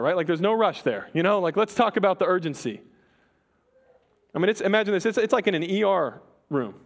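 A man delivering a sermon in a loose, conversational way. He talks to the congregation like friends and slips into quick quoted voices to make a point. His voice sits a little on the high side. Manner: conversational, animated, acts out quoted voices with laughs. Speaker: pastor.

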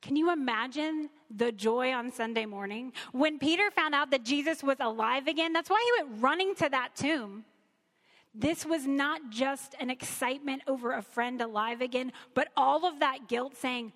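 A woman's voice: high-pitched, moderate pace, fairly bright tone, in a large hall. A woman teaching from the Bible in an earnest, conversational way, reading scripture aloud.

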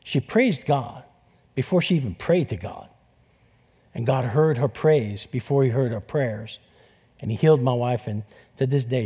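A man's voice: mid-range voice, warm tone, slightly rough. A man with a New York accent preaching a sermon with passion, repeating phrases for emphasis. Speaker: pastor.

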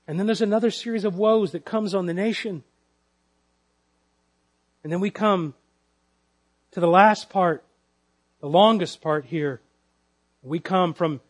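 A pastor with a notably high voice preaches through scripture before a church congregation. He presses home his points with repeated, emphatic rhetorical questions. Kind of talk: expository sermon.

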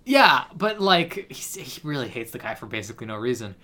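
Man, podcast co-host, bright timbre, mid pitch, wry casual plot recap. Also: very animated, a little fast. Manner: wry, retells scenes with quoted lines. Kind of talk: casual chat recapping a movie.

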